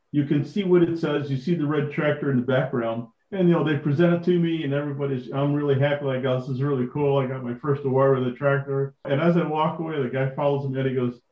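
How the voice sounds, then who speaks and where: A man guest on a podcast, telling lively anecdotes and acting out the people in them. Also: a little high, roomy sound, lo-fi sound. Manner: animated anecdote-telling with quoted dialogue. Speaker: podcast guest, tractor collector. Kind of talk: casual storytelling.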